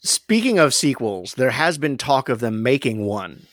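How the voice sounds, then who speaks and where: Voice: medium pitch, sing-song, measured pace, dry recording, studio quality. A podcast guest in casual, thoughtful conversation. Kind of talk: casual chat.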